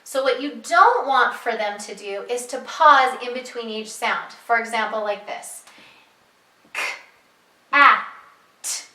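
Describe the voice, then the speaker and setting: A woman's voice: a little high, expressive, moderate pace, hardly any pauses, sharp tone, reverberant, recorded from a distance, rough recording. A woman who teaches reading, explaining to parents how to guide their child, patient and repeating her key points. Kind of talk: instructional talk to parents.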